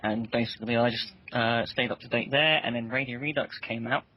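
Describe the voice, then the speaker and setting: Relaxed man, dull lo-fi audio. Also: mid-range voice, a little fast, a little hiss or hum. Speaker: guest, fan site staff member. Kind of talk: casual podcast chat.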